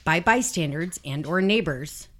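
Low-voiced woman narrating true crime. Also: animated, a little slow. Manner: blunt, swears freely, reads out quotes. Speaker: podcast host. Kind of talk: casual true crime storytelling.

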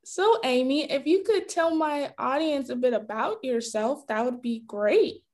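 Higher-voiced friendly podcast host woman. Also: expressive, unhurried, darkish tone. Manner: friendly, polite, some filler ums. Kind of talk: podcast interview.

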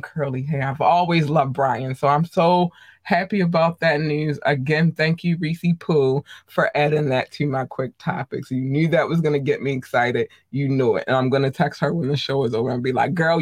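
A host of a live streamed show, chatting casually with viewers, excitable and gushing, tripping over words. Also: mid-range voice, moderate pace, dry recording. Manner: addresses viewers directly, chatty.

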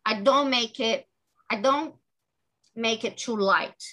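A woman author being interviewed, talking in an earnest, halting way with many restarts. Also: on the high side, pushed and bright, low-quality recording. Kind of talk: interview guest.

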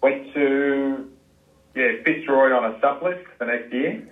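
A man in his forties with an Australian accent, a journalist guest, answering in a relaxed, modest way. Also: medium pitch, slow pace, reverberant, phone-quality sound. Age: 40s. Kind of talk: casual interview.

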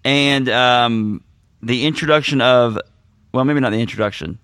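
A man's voice: mid-range voice, a little slow, a bit bright, clean tone, dry recording. A man from the Missouri Ozarks hosting a podcast, asking questions in an easygoing way. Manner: easygoing, interviewing with fillers. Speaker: podcast host. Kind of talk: casual podcast chat.

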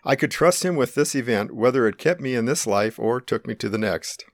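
A middle-aged man calmly and earnestly narrating his own life-or-death experience in the first person. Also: mid-range voice, a little fast, no room sound, studio quality. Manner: calm, earnest, reflective.

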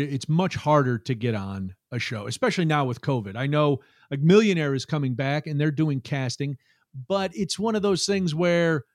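A man's voice: fairly high pitch, no room sound. A man guesting on a podcast, chatting casually with dry, self-mocking humor. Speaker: podcast guest, comedian and radio host. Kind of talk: casual interview chat.

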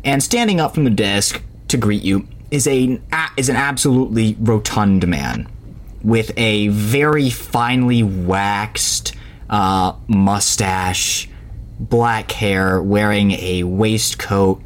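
A man narrating a tabletop game as game master, telling the scene with sudden leaps in pitch. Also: slow pace, slight background noise.

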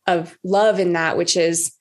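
A woman's voice: fairly low pitch, steady tone, unhurried. A woman coach in a candid conversation who swears freely and acts out her own past words. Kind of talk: casual conversation.

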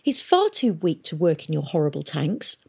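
A woman's voice: sits low, wildly swooping pitch, normal speed, creaky, a little mellow, husky, exaggerated voice. A woman voicing an anxious, earnest teenage girl who pleads and protests. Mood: indignant. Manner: pleading, indignant.

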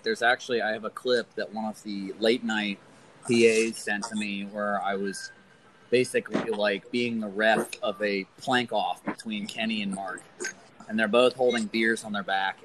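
A man's voice: fairly low pitch, poor audio. A young man chatting casually as a podcast guest, laid-back and rambling, often laughing. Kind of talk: casual chat.

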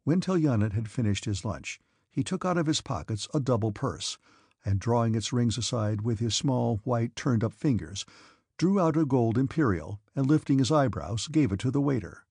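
A man reading a classic novel aloud as an audiobook narrator, in a measured, steady way. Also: mid-range voice, gravelly, breathy edge, no echo, clean studio sound. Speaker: audiobook reader. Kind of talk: scripted narration.

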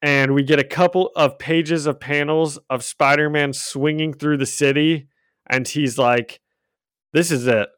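Recorded cleanly on his own desk mic with no room sound, this slightly high, fairly even male voice moves a little slowly and sounds a bit bright. He's a co-host recapping comics on a casual podcast from a home room with a cat, chatty and often laughing while acting out quotes.

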